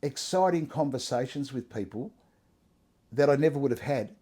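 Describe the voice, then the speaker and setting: A middle-aged man talks in a warm, mellow voice. He is relaxed and conversational, and he often restarts his sentences. His tone is earnest and his manner is plain. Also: medium pitch, normal speed, husky. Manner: earnest, conversational, frequent restarts and "you know". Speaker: interviewee sharing his testimony. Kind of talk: casual interview.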